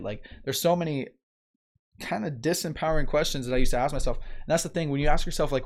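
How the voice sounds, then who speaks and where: Chatty, easygoing motivational host. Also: male voice, mid-range voice, a little fast. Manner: relaxed, chatty, frequent "right?" and light laughs. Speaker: host of a motivational live show. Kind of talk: casual live-stream talk, reading viewer comments.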